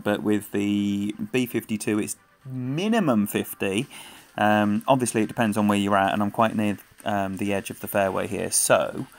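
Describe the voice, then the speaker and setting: Guy streaming a mobile game live, chatty, greets chat, faint music behind. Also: on the low side. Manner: chatty, greets viewers by name, laughs easily. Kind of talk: live gameplay commentary, chatting with viewers.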